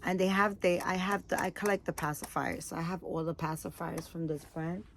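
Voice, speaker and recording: A woman's voice: fairly low pitch, fairly even intonation, a little fast, creaky, fairly bright tone, slight background noise. A woman chatting casually to camera, tired and rambling with lots of fillers as she shows off her purchases. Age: adult, has a daughter. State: tired, yawning. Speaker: vlogger showing baby doll items.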